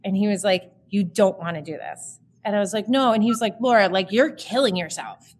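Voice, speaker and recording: A woman's voice: medium pitch, fairly quick, husky. A woman in her thirties telling her personal story as a podcast guest, chatty and emotional, with many fillers.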